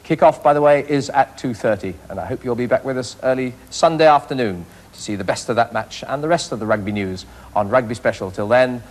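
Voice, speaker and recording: Man, sports studio presenter, brisk results round-up, mid-pitched. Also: a little hiss or hum.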